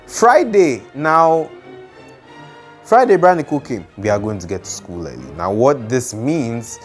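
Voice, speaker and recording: A young man casually telling a childhood story, lively and dramatic, with lots of fillers. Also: mid-range voice.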